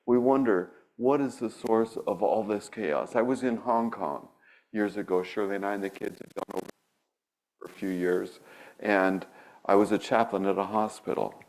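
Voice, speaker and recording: A man with a fairly low voice preaches in a church. He talks in a relaxed, conversational way, drifting into stories from his own past as a pastor. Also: moderate pace, low-quality recording. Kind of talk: sermon. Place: church sanctuary.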